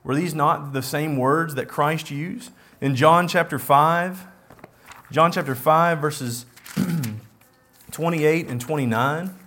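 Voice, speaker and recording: Male preacher, high voice, earnest sermon delivery with repeated phrases for emphasis. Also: takes it slowly, a bit bright.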